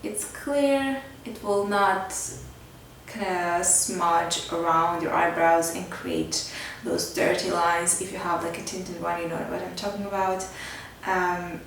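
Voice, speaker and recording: A woman vlogger chatting casually through a makeup tutorial, filling her talk with "like" and "kinda". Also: medium pitch. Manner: chatty, filler-heavy with frequent "like" and "kinda". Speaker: beauty vlogger. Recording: very echoey room, mic at a distance, faint background noise.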